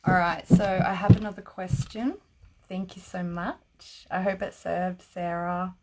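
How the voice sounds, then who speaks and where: Lady doing psychic readings live, kinda low voice, chatty, laughs a lot, says like constantly. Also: flat delivery, a little slow, a little mellow, a little hiss or hum. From Australia. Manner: chatty, laughs often, many "like" fillers. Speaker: psychic reader.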